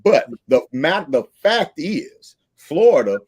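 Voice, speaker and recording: A man hosting a podcast in casual, animated talk, often asking "right?". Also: on the high side, takes it slowly, husky, dry recording. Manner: animated, seeks agreement with "right?". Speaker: podcast host.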